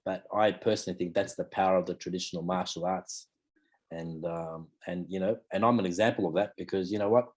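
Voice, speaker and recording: A man's voice: sits low, fairly even intonation, brisk, darkish tone. An Australian man in his fifties, a martial arts teacher talking casually in an interview, rambling and leaning on fillers like "you know" and "mate". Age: 50s.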